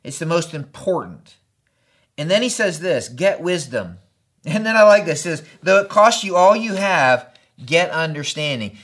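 Middle-aged male pastor, slightly higher voice, relaxed chatty sermon delivery, tells stories. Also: normal speed. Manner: conversational, storytelling with acted quotes and frequent "right?".

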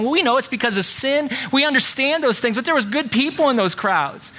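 A man's voice: extremely high pitch, animated, a little fast, few pauses, pushed and bright. A middle-aged male pastor giving a conversational sermon in a church, full of rhetorical questions.

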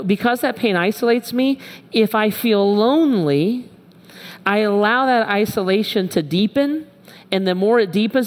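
Candid preaching man in a reverberant hall. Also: high-pitched. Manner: candid and emphatic, with repeated short phrases. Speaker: pastor. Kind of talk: sermon. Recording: long reverb from a large hall.

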